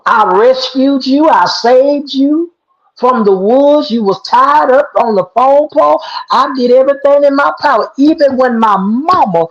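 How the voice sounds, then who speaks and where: A man's voice: unhurried, fairly bright tone, heavily acted. A man putting on a hurt, pleading young girl. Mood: pained pleading. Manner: high, anguished, pleading. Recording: dull lo-fi sound.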